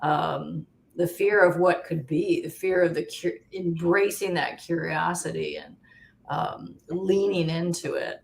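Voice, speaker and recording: A woman guest in a casual panel chat, speaking in a hesitant, thoughtful way with many pauses and fillers. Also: on the low side, steady tone, vocal fry, slight background noise. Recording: roomy echo.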